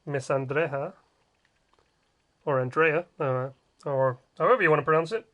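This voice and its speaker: A man's voice: on the high side, moderate pace, fairly bright tone. A man casually commenting while building in a game livestream, joking and grumbling in a rambling way. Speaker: game streamer.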